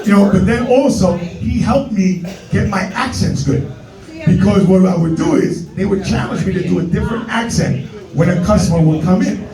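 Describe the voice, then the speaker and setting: A high-voiced man from New York works a comedy club stage with a brash, profane stand-up routine. He is picked up from a distance, so the sound is roomy and echoing. Music plays behind him. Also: normal speed, crowd noise. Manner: brash, profane, street slang, puts on voices.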